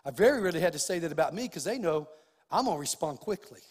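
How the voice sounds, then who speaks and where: A middle-aged man preaching a sermon as pastor, acting out lively bits of dialogue as he goes. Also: a little high, quick pace, husky, in a large hall. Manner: preaching with acted-out dialogue and rising emphasis.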